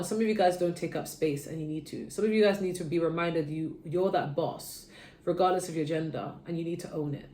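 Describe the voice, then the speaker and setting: A woman giving a casual tarot reading, chatty and sleepy, drifting between low murmurs and sudden bursts of energy. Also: darkish tone, reverberant, slight background noise. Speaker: tarot reader.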